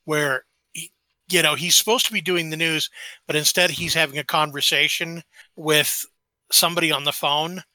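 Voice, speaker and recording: A man co-hosts a casual podcast chat, joking around and telling rambling anecdotes. His voice is fairly high with a sharp tone, fairly even intonation and normal speed, with no echo.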